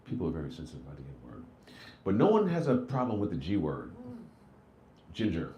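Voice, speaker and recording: Animated, foul-mouthed man doing stand-up. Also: sits low, a little fast, a little hiss or hum. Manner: profane, animated storytelling with lots of "like" and "right?". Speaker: stand-up comedian. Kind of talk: live stand-up set.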